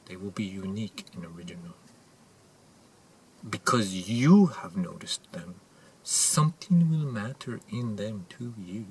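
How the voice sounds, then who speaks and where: A man playing an intense, earnest male motivational guru who speaks broken English and swings between whispers and loud outbursts, in a character monologue to camera. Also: on the low side, expressive, a little slow, husky, full character voice. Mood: hushed earnest. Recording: distant mic with faint ambient noise.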